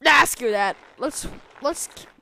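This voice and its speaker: A woman commentating a video game, excitable, yelling at the game and trailing off into mumbles. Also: high voice, slow, creaky. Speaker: let's play gamer. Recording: loud background noise.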